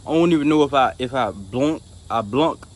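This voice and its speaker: A man casually telling a personal faith testimony, rambling and repeating himself with many restarts, earnest and soft-spoken in places. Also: medium pitch, expressive, normal speed. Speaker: storyteller sharing a faith testimony.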